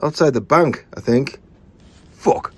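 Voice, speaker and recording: Slow, muttering British man. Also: medium pitch, slightly rough, no echo. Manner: rummaging, muttering and exclaiming to himself. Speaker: co-host showing his collection. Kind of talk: casual livestream chat.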